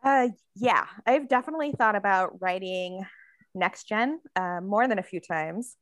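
A woman's voice: mid-range voice, a little slow, a bit bright, no room sound. A woman author in a casual podcast interview, talking in a chatty way with many fillers and frequent laughter. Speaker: author guest.

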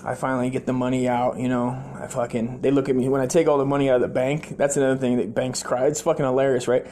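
A former sailor hosting a comedy podcast, telling a long story in a rambling, heavily profane way and acting out the people in it. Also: male voice, medium pitch, fast talker, a little hiss or hum. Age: adult, former sailor. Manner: profane, rambling, animated quoted voices.

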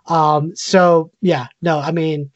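A man's voice: on the high side, flat delivery, slow pace, highs cut off. A man co-hosting a casual podcast chat, opinionated and talking with many fillers and restarts. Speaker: podcast co-host.

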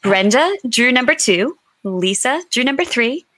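A woman's voice: a little high, animated, a little slow, fairly bright tone, dry recording. A woman hosting a livestreamed book club chat in a chatty, joking way, heard over a video call. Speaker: host.

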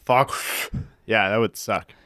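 A man's voice: mid-range voice, expressive, brisk, dry recording, studio quality. Laid-back, crude man on a podcast. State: wheezy from allergies. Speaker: podcast co-host. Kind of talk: casual chat.

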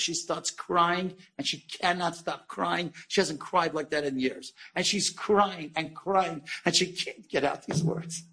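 A man telling an inspirational story as a sermon, animated and asking the listeners questions. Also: a little high, measured pace, vocal fry, slightly rough.

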